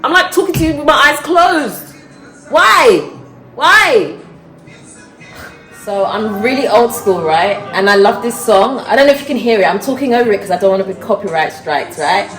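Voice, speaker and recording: Woman vlogger, middle-aged, expressive, mid pitch, echoey kitchen. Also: quick pace, few pauses, soft background music. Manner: expressive, exclaiming, talks to camera. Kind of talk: casual vlog chat. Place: home kitchen. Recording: roomy kitchen echo.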